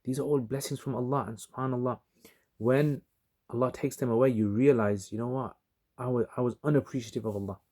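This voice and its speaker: A man's voice: medium pitch, steady tone, fairly quick, mellow. A man vlogging, telling a personal story in a casual, chatty way, with many asides, fillers and religious phrases. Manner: reflective, religious turn of phrase.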